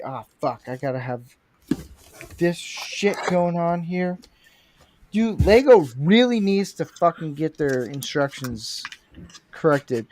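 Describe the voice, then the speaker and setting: Slow-talking foul-mouthed male streamer. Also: on the high side, very animated, darkish tone. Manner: foul-mouthed, rambling, self-described redneck. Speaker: livestream host. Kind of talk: casual crude chat while building Lego.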